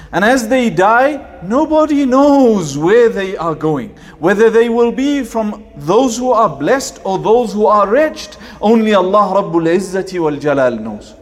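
A male preacher giving a sermon, rattling off Arabic prayers and chanting Quran verses between slower explanation. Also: sits high.

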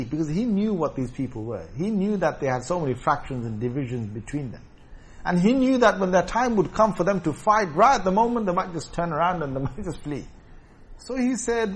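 A man's voice: fairly high pitch, big pitch swings, moderate pace, breathy edge. A man teaching a scripture commentary lesson in an explanatory way, often checking in with his listeners. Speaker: religious teacher.

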